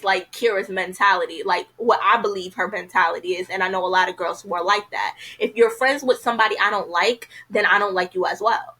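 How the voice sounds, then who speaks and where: A woman talks through a TV episode in a loose, candid review, leaning on "you know" as she goes. Her voice is bright and forward, at an ordinary middle pitch for a woman. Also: low-quality recording. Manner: chatty, frank, heavy use of "you know" fillers. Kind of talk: casual spoken review.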